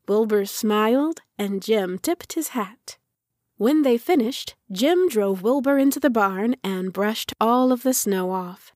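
Woman for a children's audiobook: gentle, unhurried storytelling, slightly high voice. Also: animated, no echo, studio quality. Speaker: narrator. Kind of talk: audiobook narration.

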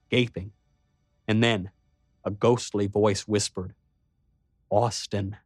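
A man narrating an audiobook in the first person, steady and measured. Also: lowish voice, no room sound, clean studio sound.

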